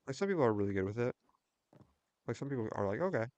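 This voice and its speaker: A young man chatting casually while livestreaming a game, telling a rambling story with quick restarts. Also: mid-range voice, expressive, a little mellow, dry recording. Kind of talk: casual chat while gaming.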